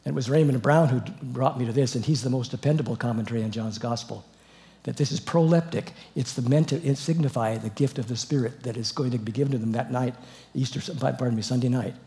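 An older man giving an expository Bible lecture, scholarly and digressive, moving from hushed reading to loud emphatic exclamations. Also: mid-range voice, fast. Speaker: Bible teacher.

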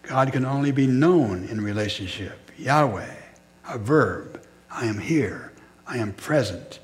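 A man preaching a sermon in a measured, reflective way, pausing between short phrases. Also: mid-range voice, animated.

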